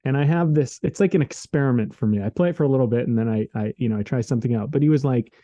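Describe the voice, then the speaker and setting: Talking rapid-fire in a warm, medium-pitched voice, a man co-hosts a podcast over a remote call mic; the sound is lo-fi with no echo. His casual reflections come out earnest and rambling, full of "like" and "man."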